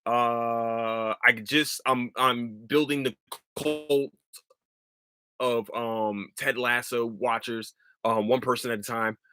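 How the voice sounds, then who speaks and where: A man hosts his solo podcast in a bright, forceful voice, close and dry with no room around it. He rants with plenty of swearing, jumps up in pitch when worked up, then laughs it off and drifts into easy chat. His voice is starting to wear thin. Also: steady tone, slow pace, clear, resonant tone, no room sound. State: voice starting to give out. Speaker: podcast host. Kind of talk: casual solo podcast monologue.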